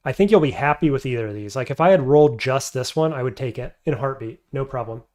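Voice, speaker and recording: This is casual commentary from a man live-streaming a game, reasoning through his choices out loud and responding to chat. He speaks quickly and expressively in a mid-range voice with a slightly mellow quality.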